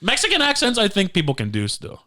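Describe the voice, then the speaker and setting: A man's voice: sits high, huge pitch swings, fast talker, sharp tone. A man hosting a comedy podcast, rambling playfully with lots of fillers in casual chat. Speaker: podcast host.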